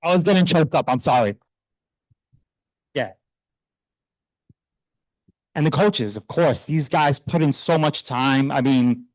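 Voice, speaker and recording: A middle-aged man, a youth soccer coach, speaking earnestly and proudly while honoring his players at a town meeting, loose and a little halting. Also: mid-range voice, no echo, poor audio. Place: township council meeting room.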